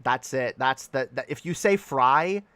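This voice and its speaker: A male streamer giving a loud, profane comedic rant, repeating himself for emphasis. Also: mid-range voice, measured pace, smooth, no echo.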